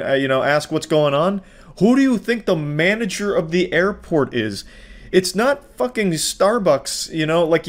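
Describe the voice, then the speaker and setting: A man giving casual, sarcastic commentary on a video, swearing freely and mocking what he sees. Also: fairly high pitch. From Florida, US.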